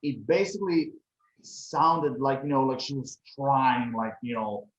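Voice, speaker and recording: A man's voice: medium pitch, unhurried. Male podcast co-host from Croatia; casual, rambling delivery, echoey muffled recording. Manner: rambling, many fillers like "you know". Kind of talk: casual movie review chat. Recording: echoey room, dull lo-fi sound.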